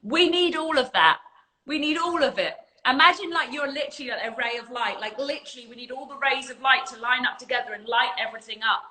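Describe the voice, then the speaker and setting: Bright-voiced woman coach, livestream spiritual talk, earnest and emphatic, swears a bit, phone mic. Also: high-pitched, a little fast, low-quality recording. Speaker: spiritual coach and community leader.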